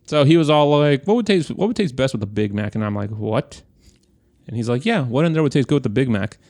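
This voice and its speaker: A young man co-hosting a podcast, telling a story in an animated way, swearing and acting out what people said. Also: mid-range voice, fast, no room sound, studio quality. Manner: animated, profane, acts out quoted voices. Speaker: podcast co-host. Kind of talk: casual storytelling chat.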